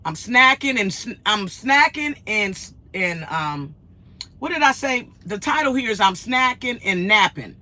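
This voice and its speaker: Bright-voiced woman vlogger. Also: medium pitch, unhurried. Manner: animated, laughs often, acts out quotes. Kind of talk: casual chatty storytelling.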